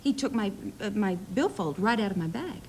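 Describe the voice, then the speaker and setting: A woman's voice: medium pitch, expressive, brisk, noisy background. A woman from Tennessee with a Southern Tennessee accent, a chatty, giggly actress telling stories as a talk show guest. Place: TV studio with audience.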